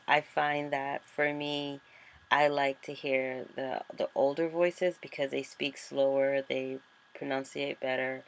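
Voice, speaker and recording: A woman author chatting casually and thinking aloud as she walks through a screen-recorded tutorial. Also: deep voice. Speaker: author and vlogger.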